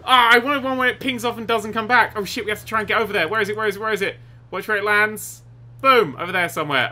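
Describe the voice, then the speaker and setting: A young man giving excitable, giggly let's play commentary on a game, with sarcastic asides. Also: high voice. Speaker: gaming YouTuber.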